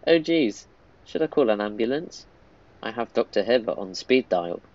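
A man's voice: lowish voice, big pitch swings, normal speed, a little mellow, muffled recording. A man reading aloud a clever young girl's lines from a mobile game, in his own voice. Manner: plain read-aloud delivery.

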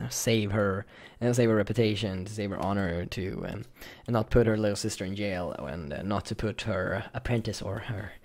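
A man giving casual, rambling commentary on a video game, emotional and often trailing off softly. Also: on the low side. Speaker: gaming YouTuber.

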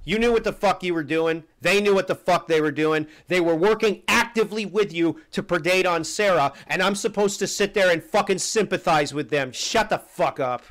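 A man with a high-pitched voice fires off a foul-mouthed rant during a live stream. He swings between sarcastic asides and shouted outrage, and keeps the swearing constant throughout. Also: fairly quick, hardly any pauses. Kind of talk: angry live-stream commentary.

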